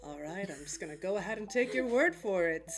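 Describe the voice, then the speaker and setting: A woman's voice: medium pitch, animated, fairly quick. A woman co-hosting a podcast, playfully running a mock game show and laughing often. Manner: giggly, playful. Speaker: podcast co-host, quiz host.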